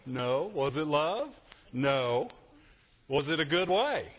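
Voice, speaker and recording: A middle-aged man preaching to a church congregation, husky and slightly raised in pitch. He talks slowly and swings his pitch a lot, asking the room questions as he goes. The recording sounds dull and rings with long hall reverb. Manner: animated, asks the congregation questions. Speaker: pastor. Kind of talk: sermon.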